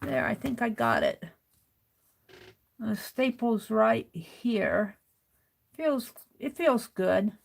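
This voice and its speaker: Brief: woman craft streamer, rambling self-talk, gravelly fry in her voice. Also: on the high side, sing-song, drawn-out words, long pauses, a little hiss or hum. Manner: rambling, talks to herself as she works. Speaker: craft livestream host. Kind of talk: casual chat while crafting.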